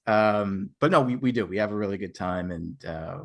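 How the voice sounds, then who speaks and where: A man's voice: lowish voice, moderate pace. An American man guesting on a podcast, talking casually with hesitant, stammering restarts. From United States.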